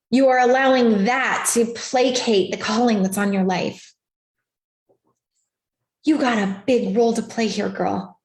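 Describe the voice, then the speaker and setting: A woman speaks on a live stream as a motivational coach, leaning hard on repetition and emphasis. Her voice sits at an ordinary middle pitch for a woman. The sound rings with the echo of the room she is in. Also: darkish tone. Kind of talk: motivational livestream talk. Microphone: video call setup.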